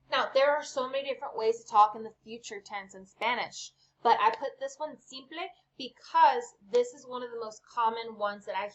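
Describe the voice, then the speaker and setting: A woman's voice: fairly high pitch, lo-fi sound. A woman teaching an online Spanish lesson at home, upbeat and chatty, checking in with "okay" often. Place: home with lawnmower outside.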